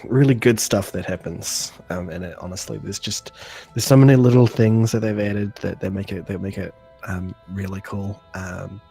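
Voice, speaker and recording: Husky man, halting podcast chat. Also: low voice, fairly even intonation, warm tone, faint music behind. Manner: halting, with many fillers and trailing-off phrases. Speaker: podcast co-host. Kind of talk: casual chat.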